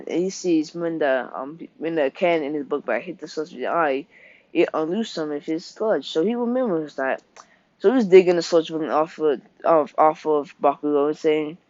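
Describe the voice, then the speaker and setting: A man casually retelling an anime plot, halting and rambling with many ums and restarts. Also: a little high, a little mellow. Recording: dull dry home recording.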